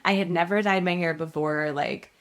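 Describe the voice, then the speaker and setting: A woman's voice: lowish voice, moderate pace. A woman in her thirties, a guest actress, telling a story casually in an interview and acting out the voices of the people in it. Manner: animated storyteller, acts out quoted voices.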